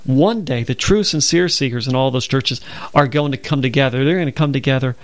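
Fairly quick and mid-range in voice, a Southern man from Alabama hosts a conversational radio Bible discussion, earnestly quoting extensive scripture. The recording has no echo.

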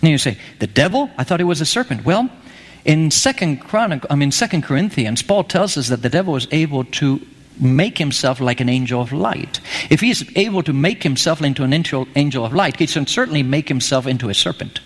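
Lively high-voiced preacher in a hall. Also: male voice, a little fast. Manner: conversational, asks the audience questions. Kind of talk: sermon. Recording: echoey hall.

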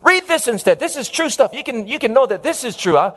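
Preacher playing an exasperated educated son, pitched well up, pleading. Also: male voice, big pitch swings, brisk, a bit bright, exaggerated voice. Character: young intellectual son, embarrassed and irritated.

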